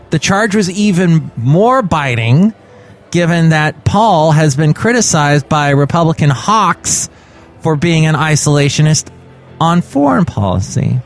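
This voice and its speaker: A man hosting a podcast, riffing on the news in a jokey way with big swings in pitch. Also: very animated, unhurried, faint music behind. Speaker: podcast host. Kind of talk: comic news commentary.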